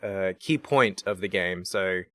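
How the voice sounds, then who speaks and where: A man co-hosting a podcast, chatting about a video game in a relaxed, rambling way. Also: sits low, measured pace, no echo, studio quality. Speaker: podcast co-host.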